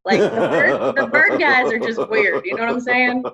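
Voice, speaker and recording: A woman's voice: a little high, expressive, moderate pace, gravelly, a crowd in the background. A woman co-hosting a podcast in casual chat, wry and joking. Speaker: podcast co-host.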